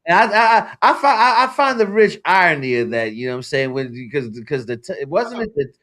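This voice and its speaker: A man's voice: a little high, big pitch swings, brisk, bright, forceful tone. Stammering man in casual radio debate. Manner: stammering restarts, repeats "you know what I'm saying". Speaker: radio show co-host.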